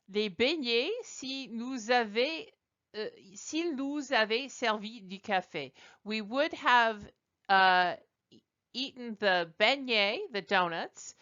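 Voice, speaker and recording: A woman's voice: mid-range voice, a bit bright, dull audio. A woman teaching French from slides in a chatty way, correcting herself now and then and reading example sentences aloud. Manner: chatty, self-correcting, switches into read-out French. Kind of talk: slide lecture.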